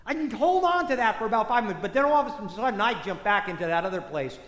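A parish priest giving a sermon in a church, telling the story in a conversational, animated way with many asides. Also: male voice, sits high, fast talker. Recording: echoey church hall reverb.

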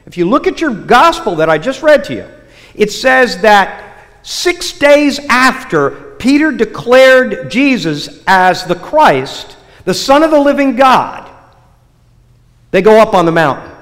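A man preaching a sermon, opening with a joke told in a lively storytelling way with many restarts. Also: high voice, slow pace. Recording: long hall reverb.

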